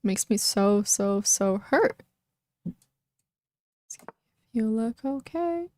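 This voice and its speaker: Slow-talking young woman chess streamer. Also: on the high side, lively intonation, darkish tone. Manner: emotional, talks to her chat, frequent "like" fillers. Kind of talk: casual live-stream chat.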